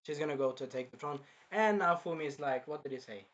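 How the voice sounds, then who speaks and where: A man giving a casual anime episode review, excitable, acting out scenes in bursts and swearing freely. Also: on the high side, quick pace, muffled recording.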